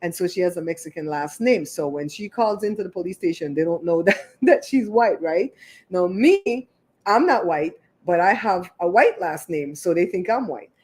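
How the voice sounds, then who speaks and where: Woman host, lowish voice, rambling chatty storyteller on a livestream. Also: lively intonation, moderate pace, a little mellow, husky. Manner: chatty, rambling retelling full of asides. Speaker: show host.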